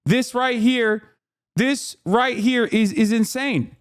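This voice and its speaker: A man commenting on a live stream, ranting in an animated, profane way. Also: extremely high pitch, slow pace, smooth. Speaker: streamer reacting to clips.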